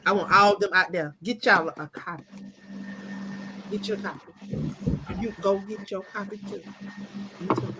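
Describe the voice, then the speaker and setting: A woman's voice: medium pitch, normal speed, long pauses, background noise. A woman hosting a casual group chat, often laughing and repeating herself. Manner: laughing, repetitive, animated. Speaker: book author and host.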